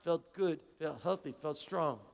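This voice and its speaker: A man's voice: on the high side, a little slow, vocal fry, in a large hall. A male pastor preaching a conversational sermon to his congregation, repeating phrases and acting out little dialogues. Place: church sanctuary.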